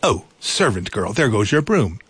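A man's voice: big pitch swings, moderate pace, husky, no room sound, exaggerated voice. A man voicing a spoiled, bossy young princess who sneers at a servant girl. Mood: sneering. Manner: sneering, shrill when screaming.

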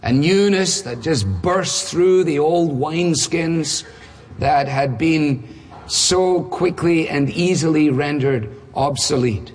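Male preacher, husky, raised pitch, long hall reverb, punchy rhetorical delivery. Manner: rhetorical questions, wry asides, dramatic emphasis. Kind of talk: sermon.

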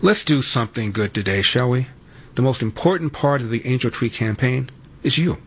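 A man's voice: medium pitch, normal speed, husky. A man hosting a radio talk show, reading appeals and phone numbers, and pressing callers with emphatic questions. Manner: emphatic, rising to exasperated lecturing at callers. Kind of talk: talk radio monologue and ad read.

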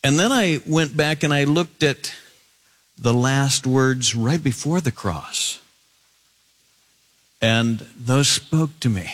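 A man preaching an expository sermon, paraphrasing scripture in a conversational way, with high emphatic bursts and low drawn-out words. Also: a bit bright. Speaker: pastor.

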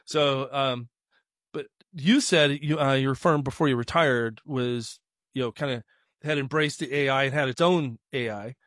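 A man's voice: mid-range voice, unhurried, a bit bright, dry recording, clean studio sound. A man hosting a business talk radio interview, jokey and loose, laughing easily and restarting his sentences. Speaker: radio show host.

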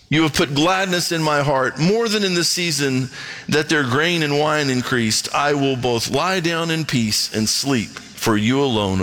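A man preaching a sermon and reading scripture aloud, with animated pitch swings and quick asides. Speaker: pastor.

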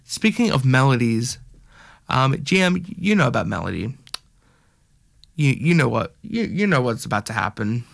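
A man's voice: mid-range voice, creaky. A young man hosting a stream, chatting casually in a joking, rambling, self-mocking way. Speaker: stream host.

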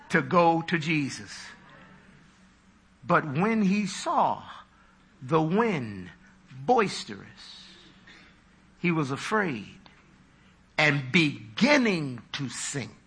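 Brief: male preacher, high-pitched and husky, theatrical sermon delivery. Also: big pitch swings, slow pace, pauses often, fairly bright tone. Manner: dramatic, acts out voices with big pitch leaps.

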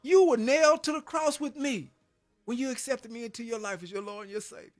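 A man voicing God as a gentle, patient presence, speaking softly and reassuringly. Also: very high voice, a little fast, soft background music, voice pushed up.

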